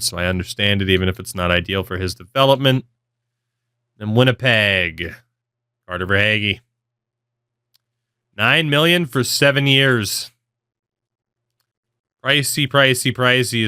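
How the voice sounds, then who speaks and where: A man's voice: on the low side, sharp tone, clear, resonant tone, no room sound, studio quality. A young man giving rambling, offhand commentary on a hockey video game, swearing now and then. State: yawning, with hiccups. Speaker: gaming video creator. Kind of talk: casual commentary over gameplay.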